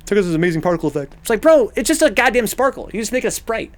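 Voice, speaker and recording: A man streaming a video game, talking casually with animated, profane, rambling rants. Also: high-pitched, racing. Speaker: gaming streamer. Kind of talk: casual let's-play commentary.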